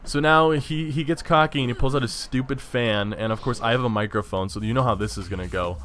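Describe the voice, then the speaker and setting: A man giving casual gameplay commentary, excitable, swearing and stumbling over his words, with faint game music behind. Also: mid-range voice, brisk. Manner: excitable, swears, stammers and restarts. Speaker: let's play commentator.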